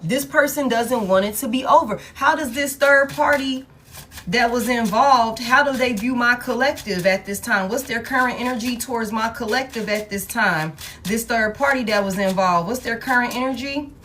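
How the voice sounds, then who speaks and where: A woman's voice: a little high, normal speed, fairly bright tone, a little hiss or hum. Emphatic, profane woman tarot reader. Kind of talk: collective tarot reading.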